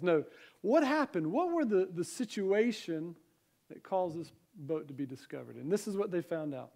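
A man's voice: high voice, lively intonation, normal speed, vocal fry, darkish tone. A man with a Southern American accent preaching a conversational Sunday sermon, reading scripture and asking the congregation questions. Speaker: pastor.

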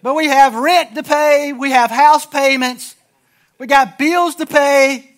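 A man's voice: extremely high pitch, steady tone, slow. A middle-aged man preaching a sermon in a conversational, humorous storytelling style to his congregation. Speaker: pastor.

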